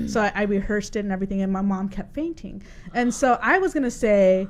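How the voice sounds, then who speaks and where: A woman's voice: medium pitch, fairly quick. A woman hosting a podcast in a radio studio, a chatty storyteller who laughs often. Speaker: podcast host. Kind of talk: casual chat.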